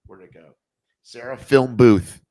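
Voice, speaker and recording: A man from Boston hosting a podcast, chatting in an excitable, self-mocking way with casual swearing. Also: medium pitch, unhurried, no room sound. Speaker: podcast host. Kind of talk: casual chat.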